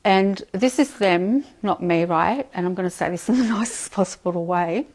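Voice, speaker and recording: Woman channeler, low-ish voice: murmured chant syllables between casual "they're going" explanations. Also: moderate pace, darkish tone. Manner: alternates flowing invented-sounding chant syllables with chatty plain explanation; relays messages with frequent "like" and "they're going". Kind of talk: live channeling session.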